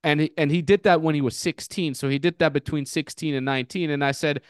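A man in his thirties hosting a podcast, telling stories in an animated, swear-heavy, casual way. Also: a little high, fast, hardly any pauses, clear, resonant tone, no room sound, clean studio sound. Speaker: podcast host.

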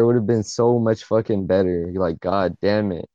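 Here a teenage podcast co-host, late teens, rambles through an emotional story full of swearing and filler words. The recording is muffled with no room sound, and his lowish, dark-toned voice moves at a normal speed.

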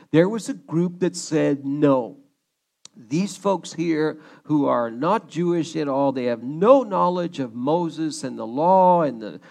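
Male pastor, sermon delivery, measured and unhurried, gravelly edge, playful asides. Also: fairly high pitch. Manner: animated, joking preacher who acts out quotes. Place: church, streamed online.

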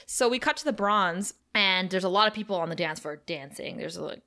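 A woman's voice: medium pitch, a little fast. A woman co-hosting a podcast, retelling scenes in casual chat with frequent laughter. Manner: animated, laughs often while retelling scenes. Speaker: podcast co-host recapping episodes.

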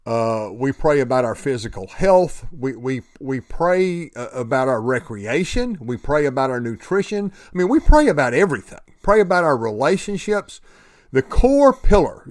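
A man's voice: medium pitch, darkish tone, dry recording, clean studio sound. A man giving an earnest motivational talk about prayer and recovery, often repeating words and restarting sentences. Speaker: speaker sharing faith and recovery.

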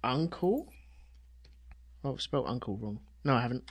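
A man's voice: medium pitch, lively intonation, normal speed, long pauses, slightly rough. A man co-hosting a podcast in casual chat, joking around. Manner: jokey, slips into mock Cockney voices. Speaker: podcast co-host.

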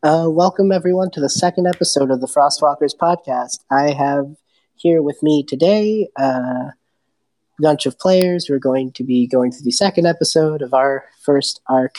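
A young woman running a tabletop game podcast as game master, relaxed and teasing in casual chat. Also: low-pitched, moderate pace.

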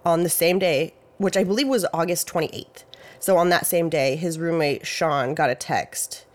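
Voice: medium pitch, normal speed. Chatty, hedging true-crime podcast host. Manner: loose and chatty, full of "like" and "you know"; hedges facts with "I think" and "I believe". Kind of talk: casual true-crime retelling.

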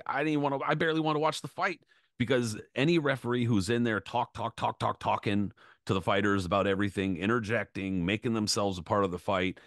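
A man's voice: low voice, no echo, clean studio sound. A young man co-hosting a podcast, ranting in casual chat and swearing freely, with "bro" and "dude" thrown in. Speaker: podcast co-host.

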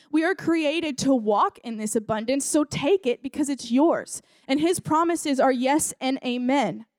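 A young woman with a high voice gives a relaxed sermon at church. She talks in a chatty way with plenty of fillers and acted-out quotes. The sound is close and dry. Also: no echo. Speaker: speaker at a church service. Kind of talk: casual sermon with a story.

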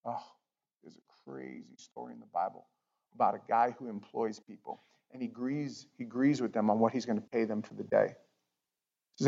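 A man preaching a sermon in a conversational way, jumping from loud outbursts to near-whispers. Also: on the low side, brisk, vocal fry, muffled recording. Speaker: pastor.

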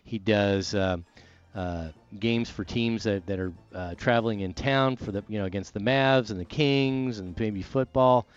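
A man, a sports radio host chatting casually and doing live reads in a rambling, animated way. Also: on the low side, a little slow, clean tone, lo-fi sound.

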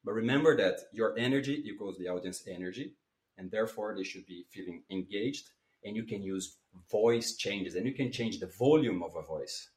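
A man being interviewed as a public speaking coach, talking in a lively way with big swings in voice and some non-native phrasing. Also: lowish voice, moderate pace. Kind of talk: animated interview talk. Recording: roomy echo.

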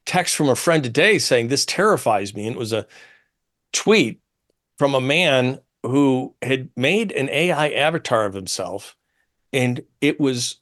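A man hosting a talk radio show, speaking emphatically and acting out quotes from others. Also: mid-range voice. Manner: animated, emphatic, quotes others in changed tones.

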